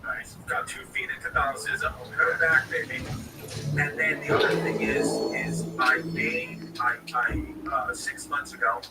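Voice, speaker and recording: Rambling New comedian, far and echoey. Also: male voice, mid-range voice, measured pace. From New York. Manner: loose, profane, digressive storytelling. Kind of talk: rambling casual chat. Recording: echoey and distant, loud music behind.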